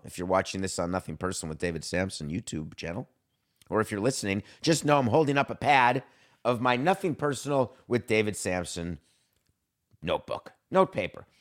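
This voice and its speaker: Wry, theatrical man with a lowish voice. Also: fairly bright tone. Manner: wry and theatrical, jumps between dry asides and mock-grand reading. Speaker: podcast host. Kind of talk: solo sports podcast commentary.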